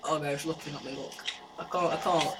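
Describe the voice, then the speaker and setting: A man's voice: on the high side, steady tone, a little fast. A young man commentating a horror game, jumpy and nervous, screaming at scares and taunting the monster. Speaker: gaming YouTuber. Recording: noisy home recording.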